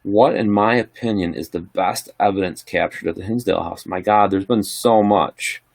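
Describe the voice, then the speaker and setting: A middle-aged man chats casually on a livestream, answering viewer questions in a rambling, laid-back way. His low-pitched voice has vocal fry and moves at normal speed. The studio-quality recording has no room sound.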